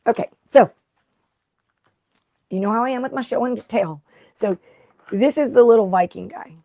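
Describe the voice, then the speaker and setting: A chatty middle-aged woman with a lilt hosts a casual craft livestream. Her voice is mellow and warm, close and dry with no room sound. She rambles along and greets viewers by name. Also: fairly high pitch, normal speed, no room sound. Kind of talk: casual live-stream chat.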